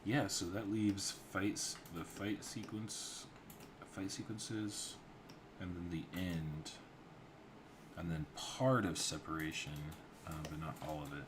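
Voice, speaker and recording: A man talks through his storyboard on a livestream in a casual, rambling way and swears now and then. His voice is very deep, with a faint hiss of noise behind it. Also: steady tone, slow pace. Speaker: storyboard artist streaming.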